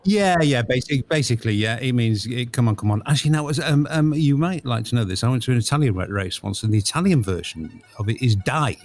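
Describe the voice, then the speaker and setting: A man hosting a podcast in casual chat, lively and jokey as he leads a scoring game. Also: medium pitch, quick pace, hardly any pauses. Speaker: podcast host.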